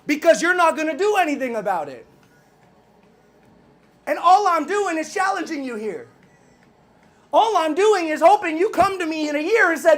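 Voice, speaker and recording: A man with a high-pitched voice delivers a fired-up motivational rant, pushing hard at his listeners. He keeps repeating his questions and throws in casual swearing, in the manner of a business coach. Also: expressive, moderate pace, pauses often, a bit bright. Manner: intense, challenging, repeats questions.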